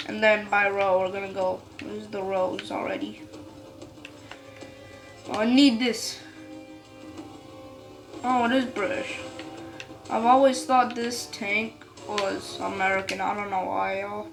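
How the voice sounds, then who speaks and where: Slow-talking woman giving gameplay commentary. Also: medium pitch, vocal fry, over music. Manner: chatty, excitable outbursts, says "y'all" and "bro". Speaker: gaming video creator. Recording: noticeable background noise with game sounds.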